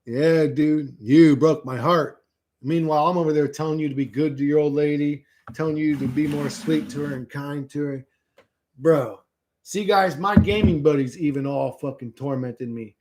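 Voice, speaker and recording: On the high side and a bit dark in tone, a livestream host speaks at normal speed. His casual chat with viewers, built around reading their comments, wanders, jokes and swears freely.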